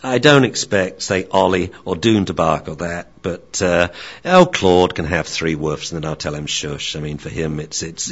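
A man's voice: very deep voice, highs cut off. A man talking casually and jokily as a dog trainer, with many fillers. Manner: chatty, joking, many fillers and restarts. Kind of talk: casual talk.

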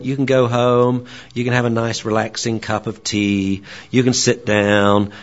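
A man teaching dog training in a lecture, animated and acting out barks and dialogue. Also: fairly low pitch. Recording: dull lo-fi recording.

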